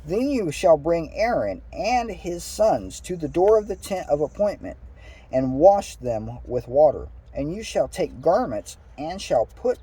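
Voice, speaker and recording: Man, dark husky voice, lively pitch, casual scripture reading with asides. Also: a little slow. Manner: reads aloud with stumbles and asides. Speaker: Bible reader.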